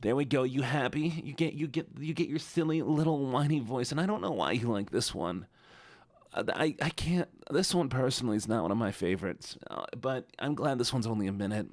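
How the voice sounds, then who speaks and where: A man's voice: mid-range voice, animated, a little fast, no room sound, studio quality, pitched above the performer's own voice, lightly acted. A man putting on a silly, whiny voice for his stream viewers. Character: whiny complaining young man voice.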